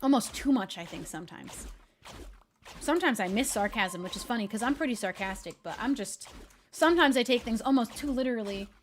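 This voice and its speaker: A young woman talks casually to her stream viewers in a slightly high voice. She laughs often between stories and delivers jokes in a deadpan tone. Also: fairly quick, a little hiss or hum. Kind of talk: casual chat.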